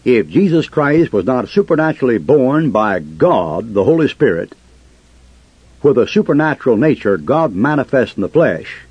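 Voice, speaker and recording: A man's voice: mid-range voice, darkish tone, breathy edge, no room sound. Combative preacher man, muffled dry recording. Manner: combative, preaching with rhetorical questions. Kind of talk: fiery sermon.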